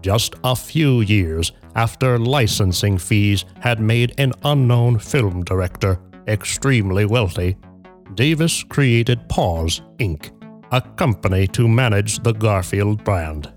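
A man hosting a podcast, reading a prepared story in a measured, dry way that builds to punchlines. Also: fairly low pitch, faint music behind. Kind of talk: scripted narration with casual banter.

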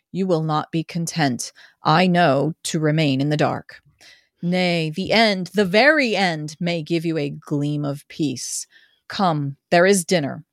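A woman reading the lines of a grave, gentle Victorian male doctor in her own voice, with earnest dramatic delivery. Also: lowish voice, no room sound, clean studio sound.

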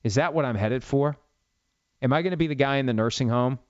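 A man's voice: medium pitch, a little fast, no room sound, highs cut off. A man in his fifties hosting a sports talk podcast alone, rambling and opinionated with a self-mocking streak. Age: 50s. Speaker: sports radio podcast host. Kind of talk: solo talk show monologue.

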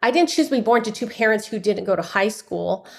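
A middle-aged woman from San Francisco, a guest author in an interview, telling a personal story with animated delivery and acting out other people's voices. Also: medium pitch, fairly quick, creaky. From San Francisco, USA. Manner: animated, acts out the voices of people in her stories.

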